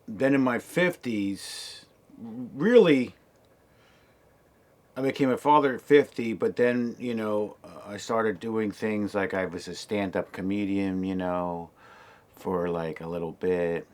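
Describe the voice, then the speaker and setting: An actor and creator in his sixties tells the story of his own path in a relaxed, casual way. His slightly low voice rambles along, restarting sentences and filling pauses with ums and you-knows.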